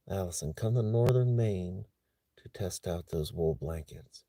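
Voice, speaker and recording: At night in his truck, a man live-streams in a relaxed, rambling way, a bit winded and now and then lowering his voice to a whisper. He speaks low and unhurried, and the recording is dry.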